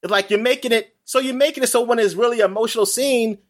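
A man talking in a casual, rambling chat, animated and full of fillers, laughing often. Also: extremely high pitch, quick pace.

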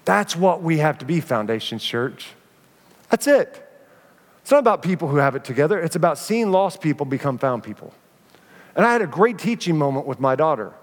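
A man preaching a sermon as pastor, telling stories with animated energy and acting out the voices of the people in them. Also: a little high, brisk. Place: church sanctuary. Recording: reverberant church sanctuary.

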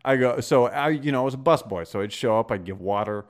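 A man in casual podcast chat, spinning a rowdy story full of swearing. His voice sits at an ordinary middle pitch. He talks freely and with energy, like a regular on the show. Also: fast talker. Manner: animated, profane storytelling. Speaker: podcast co-host.

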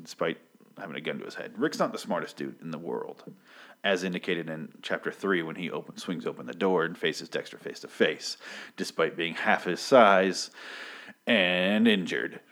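A man's voice: low-pitched, moderate pace, a bit bright. A man casually recapping a comic book issue, rambling and profane, with many filler ums and restarts.

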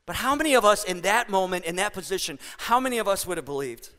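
A male pastor delivering a sermon in a chatty, animated way, leaning into stories. His voice is high and bright. The church hall gives it a long, ringing reverb. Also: fast. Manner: conversational, animated storytelling.

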